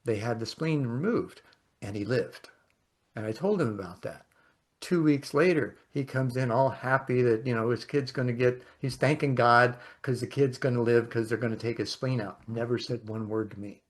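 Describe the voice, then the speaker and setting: An animated podcast host tells a story in casual conversation at medium pitch and moderate pace. He acts out quotes and laughs often.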